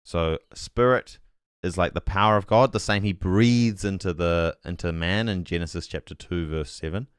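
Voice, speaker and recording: A man's voice: low voice, moderate pace, smooth, no room sound, clean studio sound. A man streaming a casual Bible talk, thinking aloud and correcting himself as he goes, and reading chat messages aloud with puzzled asides.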